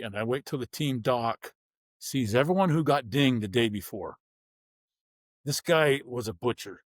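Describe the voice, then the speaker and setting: A man's voice: mid-range voice, dry recording. Man, blunt vivid storyteller, interview guest, dry close sound. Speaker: guest, former pro football player.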